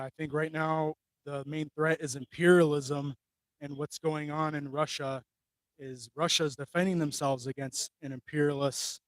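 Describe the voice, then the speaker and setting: A somewhat high-voiced man giving a street interview at a rally, earnest and argumentative. His voice sits close and dry, with no echo around it. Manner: earnest, argumentative, steady political talking points. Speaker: rally attendee being interviewed.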